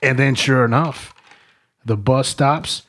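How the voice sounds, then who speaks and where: A man's voice: medium pitch, steady tone, takes it slowly, a bit bright. A man from the eastern United States hosting a casual podcast, asking his guest questions and explaining things to listeners. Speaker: podcast host.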